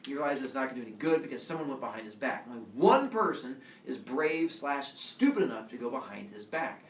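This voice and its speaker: A man's voice: mid-range voice, animated, a little fast. A male teacher tells a story to his class with playful energy, his voice rising and falling widely. He sounds far from the microphone in a roomy classroom, with faint background noise. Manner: playful, asks the class questions. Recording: echoey classroom, far from the mic.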